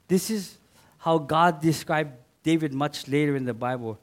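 A man preaching a sermon in an earnest way, rising to loud emphatic readings and dropping to soft asides. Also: a little high, normal speed.

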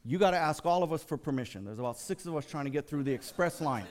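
An American man preaching a sermon in a conversational, storytelling way. He acts out the people in his stories, jumping between a hushed, low voice and a high, fired-up one. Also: lively intonation, fast. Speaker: lay preacher.

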